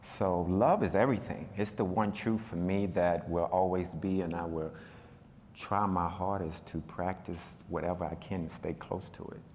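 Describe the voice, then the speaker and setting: A man on a panel telling a personal story, talking in a relaxed, conversational way with a lot of fillers. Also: low voice, moderate pace, a little hiss or hum. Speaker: panel speaker. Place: event hall. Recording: reverberant hall.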